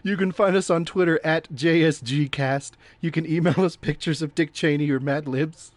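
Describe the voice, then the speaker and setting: A man hosting a casual podcast, talking loudly and playfully and laughing often. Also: fairly high pitch, fairly even intonation, moderate pace, no echo. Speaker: podcast host.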